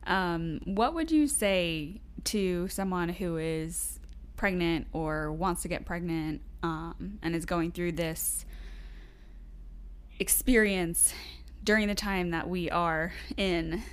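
A woman hosting a podcast, asking questions in a relaxed, encouraging way. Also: fairly low pitch, takes it slowly, clean tone. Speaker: podcast host. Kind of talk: interview questions.

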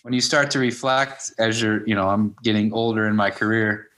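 Man, 50s, wrestling coach, casual interview, storytelling, acts out quotes, somewhat low voice. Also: flat delivery, moderate pace, fairly bright tone, slight background noise. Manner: anecdotal, acts out quoted dialogue with "I'm like". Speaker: high school wrestling coach.

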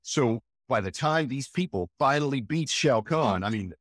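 A man, a voice actor, telling stories in an animated, emphatic way during an interview. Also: mid-range voice, moderate pace, no room sound, studio quality. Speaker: voice actor guest. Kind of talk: enthusiastic interview chat.

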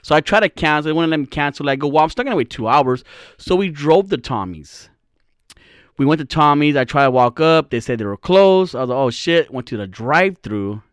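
A man's voice: on the high side, expressive, fairly quick, smooth, no echo. A young man with a slightly raised voice rambles through a comic anecdote on his podcast, swearing freely and joking as he goes. The sound is close and dry, with no room around it. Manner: profane, rambling, jokey. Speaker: podcast host. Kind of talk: casual comedic storytelling.

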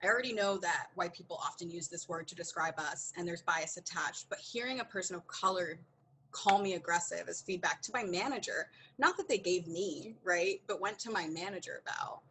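Bright-voiced woman telling a story. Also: on the low side, a little fast, a little hiss or hum, poor audio. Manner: animated, acts out quoted dialogue, laughs often. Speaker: podcast guest. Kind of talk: candid conversational storytelling.

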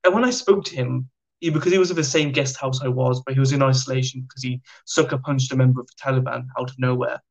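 A British man, a podcast guest, telling stories in a chatty, animated way. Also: medium pitch, fast, poor audio. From Britain. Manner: chatty, animated anecdotes with slang. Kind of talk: casual storytelling.

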